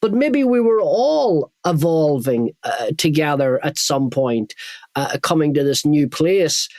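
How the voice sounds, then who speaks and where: A man's voice: on the high side, lively intonation, measured pace, darkish tone, dry recording. A middle-aged Irish man being interviewed on a podcast, talking earnestly and often restarting as he searches for words. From Ireland. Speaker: guest.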